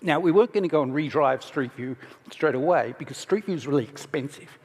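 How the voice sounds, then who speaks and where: A middle-aged man giving a casual, candid conference talk on stage, restarting his sentences and pausing to steady himself. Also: fairly high pitch, slightly rough. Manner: casual and candid, self-interrupting, emotional at moments. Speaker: conference speaker. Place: large conference hall. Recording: hall reverb from stage.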